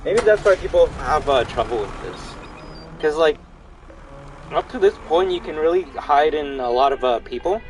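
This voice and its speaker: A man's voice: on the high side, animated, moderate pace, slight background noise, poor audio. A young man chatting casually to his viewers while livestreaming a game, rambling and talking straight to chat. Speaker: streamer.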